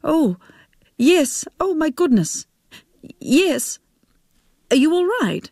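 A woman voicing a distraught older woman, a former lover, who stammers in a high, shaky, tearful voice. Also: big pitch swings, slow, darkish tone, no room sound, studio quality, full character voice. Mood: flustered.

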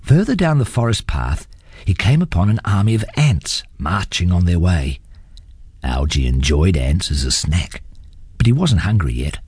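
Man reading a kids story, deep husky voice, super lively, dry sound. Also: normal speed, no echo. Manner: expressive, animated.

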